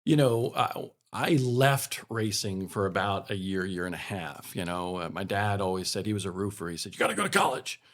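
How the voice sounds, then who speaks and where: A man's voice: low-pitched, normal speed, few pauses. A middle-aged man from the northeastern US, a racing broadcaster, telling stories from his career in a casual chat and acting out the other people's lines. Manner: animated storyteller acting out quoted dialogue. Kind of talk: casual storytelling.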